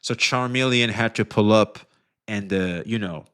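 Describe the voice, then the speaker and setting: A man streaming casual commentary on online drama, rambling and swearing with many fillers, his voice often trailing off quieter. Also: lowish voice, measured pace, smooth.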